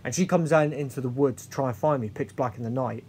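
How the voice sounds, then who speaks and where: A man's voice: medium pitch, darkish tone, a little hiss or hum. A man vlogging a candid personal story, earnest and confessional, often restarting and trailing off. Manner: halting, with many restarts and trailing pauses.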